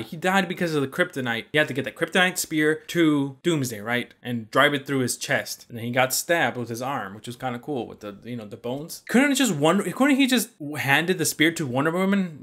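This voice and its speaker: A man's voice: medium pitch, fairly bright tone. A young man giving a casual, blunt movie review, exasperated and swearing freely. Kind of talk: casual opinion rant.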